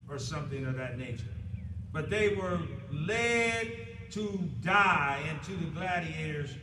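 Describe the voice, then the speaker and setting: A man with an American accent preaching in a church, his fairly high voice slow and deliberate as he drives each point home with rising force. The sound is roomy and echoing, caught from a mic some distance away, with faint noise underneath. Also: expressive, pushed and bright. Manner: preaching with rising emphasis and slow drawn-out stresses. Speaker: pastor. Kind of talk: sermon. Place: church sanctuary.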